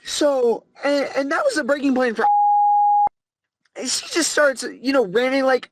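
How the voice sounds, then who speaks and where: A young adult podcast host, telling a story in a profane, ranting, animated way. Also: high voice, unhurried, no echo, rough recording. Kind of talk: casual comedic storytelling.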